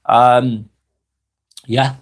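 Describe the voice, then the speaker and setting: Relaxed Northwest English man. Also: medium pitch, drawn-out words. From Northwest England. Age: 40s. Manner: relaxed, friendly, chatty. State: getting over a cold. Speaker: live stream host reading comments. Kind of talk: casual live chat.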